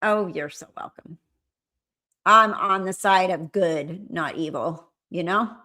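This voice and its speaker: A woman's voice: on the low side, takes it slowly, pushed and bright. A woman commentator on a live stream, chatting casually and answering viewer comments as she reads them.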